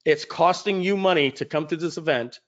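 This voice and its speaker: Animated male storyteller, lo-fi sound. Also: fairly high pitch, a little fast. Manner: animated storyteller who acts out dialogue. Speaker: event speaker and host. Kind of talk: personal storytelling pitch. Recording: dull lo-fi audio.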